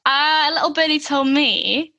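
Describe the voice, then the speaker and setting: A woman's voice: sits high, a little slow, pushed and bright. A woman interviewing a podcast host, chirpy and teasing in casual chat. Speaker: guest interviewer.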